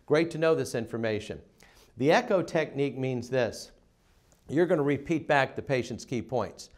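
A middle-aged man giving a seminar talk to dental office staff, emphatic and acting out phone calls in quick voice changes. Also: mid-range voice, lively intonation. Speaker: dental practice consultant.

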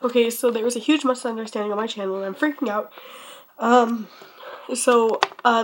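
A woman's voice: on the high side, a little hiss or hum. A teenage girl making an anxious vlog plea, panicked and sighing, repeating herself, near hyperventilating in her bedroom. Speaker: channel owner.

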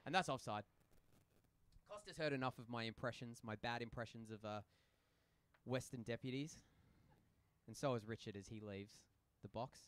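Calling a social ice hockey game from a rink booth, this young Australian play-by-play commentator keeps it casual and joking, with rambling banter between calls. His voice is medium-pitched and fairly bright, at a moderate pace with long pauses.

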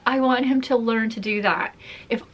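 A woman's voice: a little high, fairly even intonation, normal speed. A woman in a casual personal vlog, talking openly to camera in a chatty way, with frequent laughs and fillers. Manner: chatty, open, laughs often, many fillers. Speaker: vlogger.

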